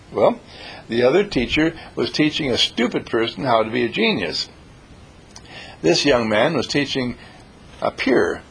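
A man giving an inspirational talk, telling stories in an animated, emphatic way and repeating his key lines. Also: mid-range voice, normal speed, gravelly, breathy edge. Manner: animated, repetitive, emphatic storyteller. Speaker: speaker.

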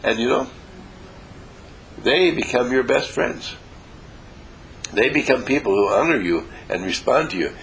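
A man with a mid-range, somewhat bright voice speaks expressively at a measured pace, pausing often, on a poor recording with a little hiss or hum. He's an inspirational speaker addressing a small group, emphatic and repetitive, chuckling often and acting out the voices he quotes.

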